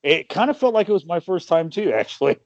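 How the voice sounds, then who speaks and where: Gravelly, hesitant man in podcast chat. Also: high voice, animated, quick pace, darkish tone, no echo, highs cut off. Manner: hesitant, filler-heavy, sympathetic. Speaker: podcast co-host. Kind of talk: casual group chat.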